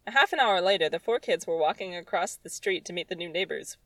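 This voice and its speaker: A woman's voice: lowish voice, animated, fast talker, a bit bright, dry recording, low-quality recording. A woman reading her own childhood story aloud, with sarcastic, exasperated comic asides. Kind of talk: comedic reading with commentary.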